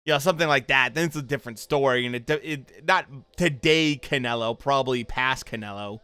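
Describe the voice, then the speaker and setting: A man's voice: mid-range voice, brisk, bright, forceful tone, clear, resonant tone, no room sound. A man hosting a fight-show watchalong stream, chatting casually with viewers and reacting to the episode as it plays. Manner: chatty, reacts to chat and the show with loose fan talk. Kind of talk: casual livestream commentary.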